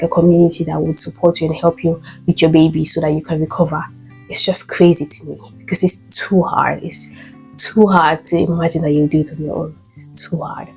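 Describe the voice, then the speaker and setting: A young woman vlogging casually about new motherhood, chatty with many fillers and sudden animated bursts. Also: lowish voice, slightly rough, low-quality recording. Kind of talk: casual storytime vlog. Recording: faint guitar music behind.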